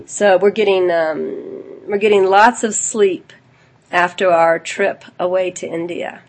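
A woman with a cold, her voice low and husky. She hosts an online spiritual gathering from a computer at home, talking in a loose, chatty way full of fillers and small asides. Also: flat delivery, measured pace. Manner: chatty, informal, with frequent fillers and small laughs. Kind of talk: casual address to an online group.

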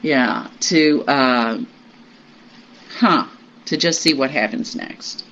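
A group member sharing personal news in a meditation group, halting and reflective, with many pauses and fillers. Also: mid-range voice, a bit bright. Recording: muffled recording with faint hiss.

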